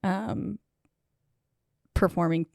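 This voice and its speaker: A woman's voice: on the low side, fairly even intonation, drawn-out words, gravelly, darkish tone, dry recording, clean studio sound. Chatty woman recapping a movie. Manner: chatty, retells scenes with lots of "like". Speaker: podcast co-host. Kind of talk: casual movie recap chat.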